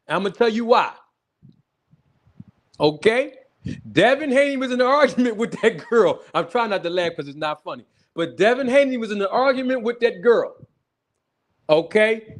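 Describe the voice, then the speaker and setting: A high-pitched man hosts a boxing talk livestream, delivering casual, animated commentary. He laughs a lot and says hello to viewers in the chat.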